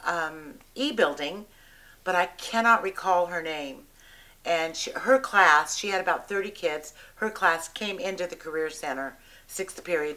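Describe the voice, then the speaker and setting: An older woman, a retired educator, giving a halting, vivid eyewitness recollection with pauses and fillers. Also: fairly low pitch, fairly bright tone, poor audio. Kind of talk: personal recollection to camera.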